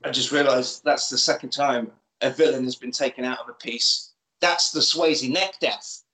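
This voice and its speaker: A man co-hosting a casual podcast, retelling a film with quick put-on voices for its characters. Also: mid-range voice. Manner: animated, acts out lines in quick put-on voices. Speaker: podcast co-host. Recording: echoey room.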